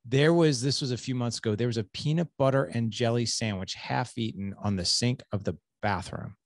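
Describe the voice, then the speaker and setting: A man's voice: mid-range voice, fairly quick, dry recording, studio quality. A man in his forties hosting a podcast interview, telling a candid, self-deprecating story from home life. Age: 40s. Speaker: podcast host.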